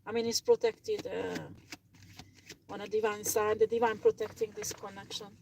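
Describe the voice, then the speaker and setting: Gravelly-voiced woman reading tarot cards. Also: medium pitch, level tone, moderate pace, darkish tone, slight background noise, rough recording. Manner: chatty, blunt, swears freely, many fillers. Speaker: tarot reader.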